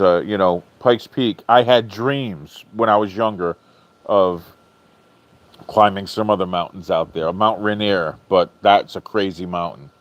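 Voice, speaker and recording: A man with a fairly low voice hosts a casual live stream, talking back to viewers' comments. He is chatty and animated, swears freely and laughs often. The audio is dull and lo-fi, with a dry sound. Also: dry recording.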